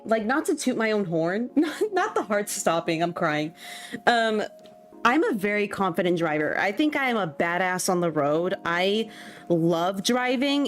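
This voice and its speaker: A young woman chats casually to her stream audience, giggling and poking fun at herself as she talks, with plenty of ums. Her voice sits at a middle pitch. Soft music plays faintly behind her. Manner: chatty, self-mocking, giggly, many ums. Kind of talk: casual chat while streaming a game.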